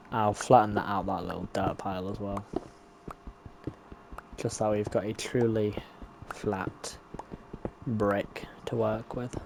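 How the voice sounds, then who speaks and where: With a fairly low, darkish voice and some vocal fry, a streamer keeps up chatty commentary to himself as he plays. It's casual gameplay talk, with slight background noise.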